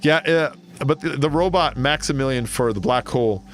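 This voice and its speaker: A man's voice: mid-range voice, normal speed, soft background music. A man streaming a game, chatting casually and telling long, rambling stories full of fillers. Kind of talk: casual chat while gaming.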